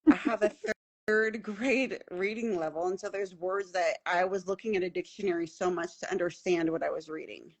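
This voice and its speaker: A woman's voice: fairly low pitch, fairly even intonation, moderate pace. A woman guest on a podcast telling a personal story in casual, earnest, emphatic talk, often repeating key phrases. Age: adult with children at home.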